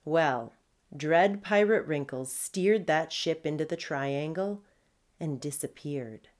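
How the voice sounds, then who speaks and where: A woman voicing a gruff old male sea dog telling an ominous tale in a storybook. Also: low voice, slow pace.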